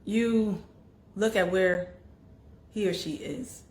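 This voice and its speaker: A woman host talking candidly and emotionally about grief, her voice wavering between soft and loud. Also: mid-range voice, steady tone, slow pace, reverberant. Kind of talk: candid personal talk on grief.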